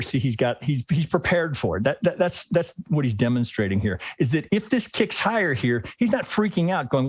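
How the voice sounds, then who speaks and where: A man's voice: mid-range voice, husky, dry recording. A man hosting a live trading lesson, talking through charts as he thinks, often ending thoughts with "right?" and restarting his sentences. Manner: rambling, thinks aloud, tags lines with "right?"; frequent restarts and self-corrections. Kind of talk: live screen-share chart analysis.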